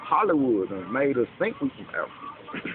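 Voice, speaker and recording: A man's voice: medium pitch, sing-song, moderate pace. Man preaching in street slang, tinny noisy recording. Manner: preachy, street slang, repeats "you know what I'm saying". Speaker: speaker explaining a belief. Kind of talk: casual monologue. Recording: tinny lo-fi with loud background noise.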